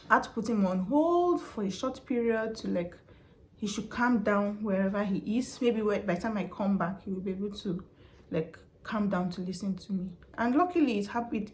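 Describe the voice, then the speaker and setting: A woman's voice: mid-range voice, normal speed, a little mellow. A woman giving chatty, emphatic advice on a vlog, repeating her points. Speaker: vlogger and customer service worker.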